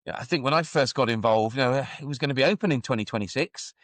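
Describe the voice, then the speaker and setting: Man, middle-aged, podcast guest, reflective, middle pitch, dry close sound. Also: fast, a bit bright, no room sound. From England. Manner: reflective, full of "you know" and restarts. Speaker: guest, former football club executive. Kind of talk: podcast conversation.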